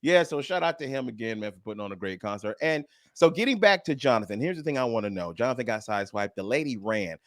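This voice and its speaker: Male radio co-host, lively delivery, dry studio sound, casual and jokey. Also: medium pitch, fast, hardly any pauses, dry recording. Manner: laughs loudly, says bro a lot.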